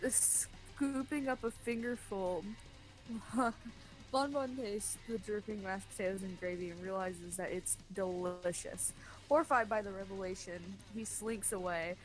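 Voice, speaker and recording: Woman narrator, mid pitch, game playthrough, faint music. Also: steady tone, unhurried, rough recording. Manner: amused, wry asides. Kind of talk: reading a visual novel aloud.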